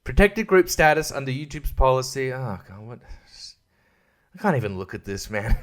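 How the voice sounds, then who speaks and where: A man's voice: medium pitch, very animated, normal speed, a bit bright. A young man hosting a solo podcast, ranting crudely and sarcastically, rambling and laughing often. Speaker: podcast host. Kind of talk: casual solo podcast rant.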